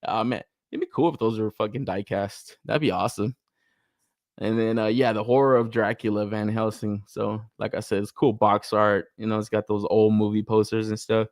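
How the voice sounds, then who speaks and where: A young man hosts a collector podcast, chatting casually, swearing freely, and laughing often as he gets worked up telling stories and reading live chat messages. His voice is lowish at a normal speed, with clean studio sound and no echo.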